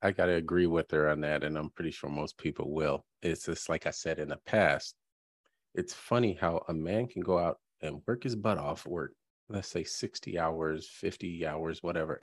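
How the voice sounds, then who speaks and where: A man's voice: very deep voice, moderate pace, no room sound. A man hosting a podcast, talking casually and a bit rambling as he reacts to clips. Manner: relaxed, rambling with fillers. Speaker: podcast host.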